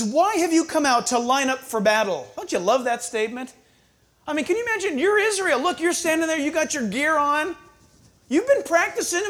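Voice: sits high, a bit bright. A preacher giving a conversational sermon, asking the congregation rhetorical questions and acting out little scenes. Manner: acts out scenes with quoted voices.

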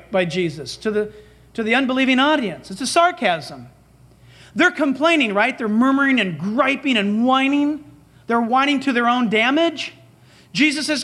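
A man with a very high voice delivers a sermon with sweeping, animated pitch. He preaches emphatically and dramatically, slipping into quoted dialogue as he goes. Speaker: pastor.

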